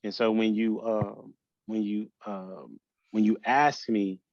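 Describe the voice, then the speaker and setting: Low-voiced man speaking haltingly. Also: level tone, gravelly, darkish tone, no room sound, dull audio. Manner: halting, full of restarts and fillers. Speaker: podcast guest. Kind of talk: emotional personal conversation.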